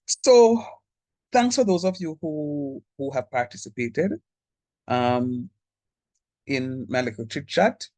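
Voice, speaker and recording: A man's voice: on the high side, lively intonation, takes it slowly, long pauses, a little mellow, dry recording. A man with a Jamaican accent teaching an online math class, talking to students in a direct, chatty way over a video call. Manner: direct, chatty, code-switches into local speech. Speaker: lecturer.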